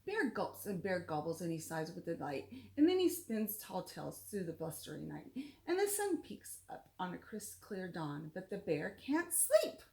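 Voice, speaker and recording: Animated woman reading a children's story. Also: on the low side, normal speed, creaky. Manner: animated, explains words to listeners. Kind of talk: reading a picture book aloud to children.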